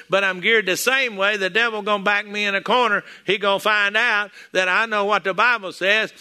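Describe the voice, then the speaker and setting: Bright high-voiced Texan preacher. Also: male voice. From Texas. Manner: folksy storytelling with acted-out quotes. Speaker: pastor. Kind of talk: sermon.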